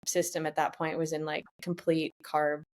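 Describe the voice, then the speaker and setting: A woman's voice: deep voice, little pitch movement, moderate pace, a little mellow. A woman in her twenties, a professional triathlete, chatting candidly in an interview and retelling a tough race while quoting herself and others along the way. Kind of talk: casual storytelling in a podcast interview.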